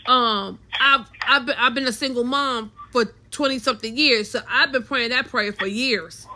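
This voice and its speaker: A woman's voice: a little high, normal speed, sharp tone, rough recording. A middle-aged woman co-hosting a casual faith podcast, talking emphatically and repeating her points like a preacher. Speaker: podcast co-host.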